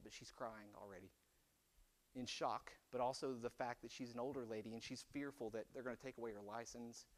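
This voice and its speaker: A man in his forties preaching a conversational sermon, chatty and animated, often asking "right?". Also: medium pitch. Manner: animated and chatty, with rhetorical "right?" and frequent laughs. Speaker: pastor.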